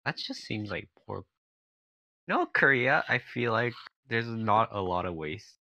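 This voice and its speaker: A man's voice: on the low side, lively intonation, sharp tone, muffled recording. A man reading an article aloud on a casual podcast, stumbling over words now and then. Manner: reads haltingly, stumbling over words with fillers.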